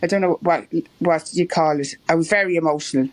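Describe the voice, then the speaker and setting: In a low-pitched voice and at a fairly quick clip, a middle-aged marathon runner from Ireland tells wandering stories, often breaking into laughter, during a casual interview where she's the guest.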